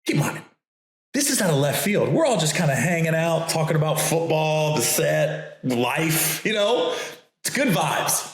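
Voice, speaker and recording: A man, a comedian and host, telling a story in a casual, animated way, acting out the voices of others and laughing often. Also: on the high side, a little slow, very echoey.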